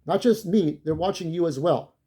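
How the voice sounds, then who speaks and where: A man's voice: a little high, normal speed, warm tone. A shaken-up man telling an angry, profane story about a confrontation in a vlog. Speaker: vlogger. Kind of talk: ranting vlog monologue.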